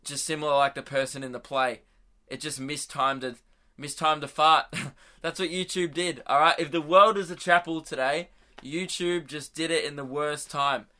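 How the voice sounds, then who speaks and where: A young man hosts a podcast in a loose, rambling way, chuckling at his own jokes. His voice sits a little high and sounds bright and lively. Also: moderate pace. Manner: rambling, self-amused, laughs at own jokes. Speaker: podcast host. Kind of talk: casual storytelling monologue.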